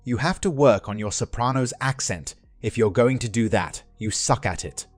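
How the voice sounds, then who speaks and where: Brief: man voicing a wife in her forties, sharp and questioning, middle pitch, dry close read. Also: moderate pace, no echo, soft background music, close to an everyday voice. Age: 40s. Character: upset middle-aged wife, woman.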